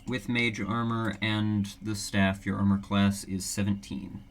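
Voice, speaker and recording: A man's voice: on the low side, little pitch movement, measured pace, slight background noise. A man running a tabletop game as dungeon master, explaining rules step by step.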